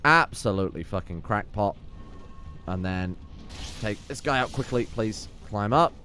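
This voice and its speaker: A man's voice: lowish voice, lively intonation, unhurried, bright, forceful tone, soft background music. A man giving sweary, sarcastic let's play commentary while playing a game. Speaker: gameplay commentator.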